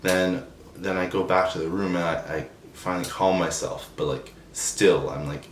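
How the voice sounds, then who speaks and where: Young guy, deep voice, kinda halting and emotional, far off mic, echoey room. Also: fairly even intonation. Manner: halting, full of restarts and "like" fillers; subdued and emotional. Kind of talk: personal storytelling. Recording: roomy echo, distant from the mic, faint noise.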